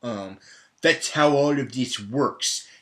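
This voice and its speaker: A man's voice: medium pitch, takes it slowly, fairly bright tone. Rambling, stammering man recapping a film. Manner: rambling, full of fillers and stammered restarts. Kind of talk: casual comedic movie recap.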